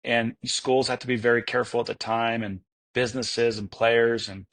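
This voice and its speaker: A man's voice: mid-range voice, flat delivery, moderate pace, a bit bright. A man telling stories as an interview guest, enthusiastic and rambling, with many fillers and restarts. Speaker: guest, entrepreneur. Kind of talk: casual interview storytelling.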